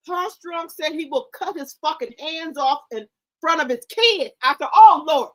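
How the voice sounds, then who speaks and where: Woman gossip host, high and very animated, profane and theatrical, AAVE speech. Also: moderate pace, poor audio. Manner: animated, profane, dramatic retelling. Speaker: commentary channel host. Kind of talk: casual gossip commentary.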